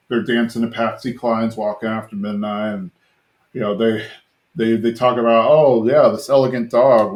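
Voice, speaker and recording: A man hosting a podcast, casually retelling a cartoon episode in a rambling way, full of fillers, briefly mimicking the characters' lines. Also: medium pitch. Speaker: podcast host.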